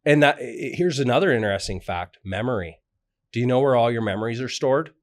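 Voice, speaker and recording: A man who works as a coach, a podcast guest speaking in a measured, teacherly way with rhetorical questions. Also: mid-range voice, animated. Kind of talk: podcast interview.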